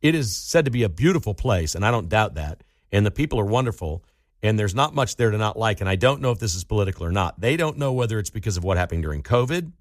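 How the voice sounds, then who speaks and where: A male talk radio host in a casual monologue, full of sudden high swoops of pitch as he tells a story. He speaks into a studio microphone, and the sound is close and dry, with no room echo at all.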